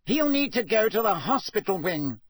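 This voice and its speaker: A man reading an audiobook, voicing a flustered middle-aged male official who talks loudly and bossily. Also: a little high, sing-song, unhurried, breathy edge, no room sound, pitched above the performer's own voice, full character voice. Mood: agitated. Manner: loud, agitated, bossy. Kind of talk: audiobook character voice.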